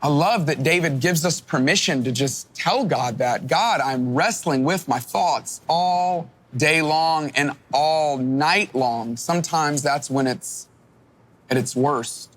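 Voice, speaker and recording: A man's voice: a little high, slow pace, a bit bright. A middle-aged male pastor preaching a sermon in an earnest, emphatic way, often restarting his words.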